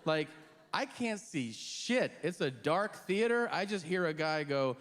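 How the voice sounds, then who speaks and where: A man doing stand-up comedy, telling a story in an animated, exasperated way and acting out outbursts, on a stage before a live audience. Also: fairly high pitch, unhurried, in a large hall, a little hiss or hum. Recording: live stand-up set with loud crowd laughter. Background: audience laughter.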